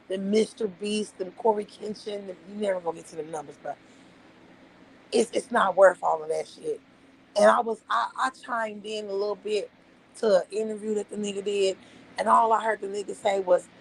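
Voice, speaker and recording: A woman's voice: medium pitch, gravelly, slight background noise, rough recording. A woman from Las Vegas with a vernacular accent, casually ranting to her livestream chat, profane and emphatic, rambling from point to point. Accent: Las Vegas, African American Vernacular English. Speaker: livestream host.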